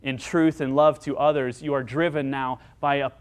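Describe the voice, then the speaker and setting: A man preaching a sermon as pastor, earnest and dynamic, moving between emphatic lines and hushed ones. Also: mid-range voice, fairly even intonation, normal speed, clear, resonant tone.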